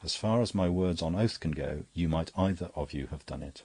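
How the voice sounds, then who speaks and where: A man voicing a small, quiet male priest detective who speaks in a calm, measured way. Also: deep voice, breathy edge, no echo. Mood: grave warning.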